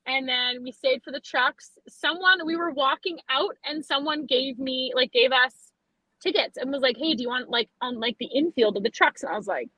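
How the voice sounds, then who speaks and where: A young woman from Alberta telling profane, animated party stories as a podcast guest in casual chat. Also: sits high, normal speed, no echo, rough recording. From Alberta, Canada. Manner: chatty, profane, animated storyteller. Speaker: podcast guest, western photographer.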